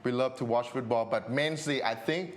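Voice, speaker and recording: A man's voice: medium pitch, fast talker. Thai-accented man telling stories with laughs. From Thailand. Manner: animated storytelling with acted-out quotes and frequent laughs. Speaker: podcast guest. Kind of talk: casual interview chat.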